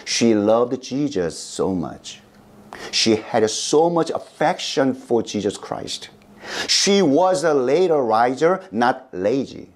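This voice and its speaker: A middle-aged man with a Korean accent preaches a sermon at an unhurried pace. His pitch rises and falls widely as he stresses words, and his voice sits in a moderate range. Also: very animated. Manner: slow, emphatic delivery with big pitch swings. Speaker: pastor.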